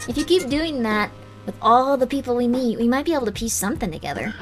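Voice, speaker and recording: A woman's voice: fairly high pitch, lively intonation, fast talker, soft background music, lightly acted. A woman voicing a grumpy, curious young adventurer in a chatty, exasperated way.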